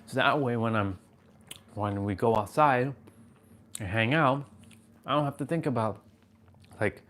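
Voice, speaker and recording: A man's voice: medium pitch, unhurried, fairly bright tone. A man chatting casually on a live stream from his phone at home, rambling and greeting viewers by name. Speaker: vlogger. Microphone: phone on gimbal.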